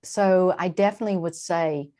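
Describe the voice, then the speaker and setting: A woman with a slightly low voice talks through ideas in a relaxed interview. She explains with animated asides, jumping up in pitch on quoted lines and then settling back down. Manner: animated, warm-hearted explaining with quick asides and laughs. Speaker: translator and guest. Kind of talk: conversational interview.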